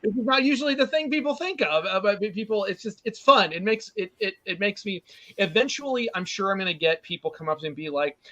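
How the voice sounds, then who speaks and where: A man's voice: high voice, lively intonation, quick pace, bright, forceful tone. A man who is a guest artist speaks on a video call in casual chat, bubbly and laughing often.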